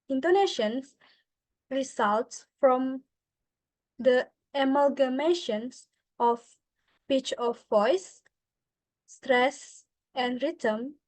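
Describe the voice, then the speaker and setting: A young Indonesian woman with an Indonesian accent, a student giving a class presentation in a hesitant way, often pausing on "uh" and mixing in Indonesian. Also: high-pitched, darkish tone, dry recording. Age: young adult. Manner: hesitant, many filler "uh"s, switching between English and Indonesian.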